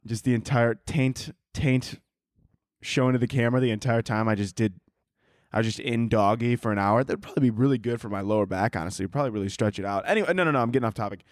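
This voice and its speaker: A man's voice: medium pitch, quick pace, no echo. Guy doing a solo podcast, rambly and sweary, jumps off topic constantly, dry close sound. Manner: rambling, tangent-prone, profane and jokey. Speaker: podcast host. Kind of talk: casual solo podcast chat. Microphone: handheld microphone.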